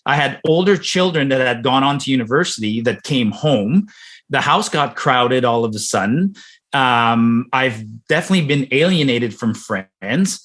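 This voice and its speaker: A man's voice: medium pitch, lively intonation, moderate pace, a bit bright. A man from Ontario, talking as an interview guest. He speaks emphatically and heatedly and repeats words when he gets worked up. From Ontario, Canada. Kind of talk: interview conversation.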